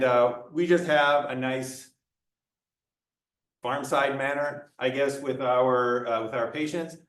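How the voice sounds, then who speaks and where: A man's voice: medium pitch, a bit bright. A male lecturer giving a conversational classroom talk, acting out little dialogues as he explains. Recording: echoey room, mic far off.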